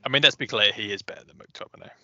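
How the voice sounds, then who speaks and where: A man co-hosting a casual football chat, giving quick, short verdicts and teasing the others. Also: fairly low pitch, pushed and bright, no echo. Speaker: podcast co-host. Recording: dry, lo-fi recording.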